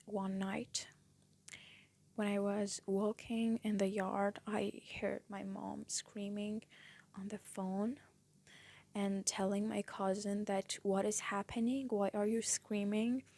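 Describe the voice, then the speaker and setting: Slow, breathy young woman, tearful. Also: medium pitch, little pitch movement. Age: young adult. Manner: soft, halting, often drops to a whisper. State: tearful, voice breaking. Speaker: vlogger. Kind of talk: personal storytelling to camera.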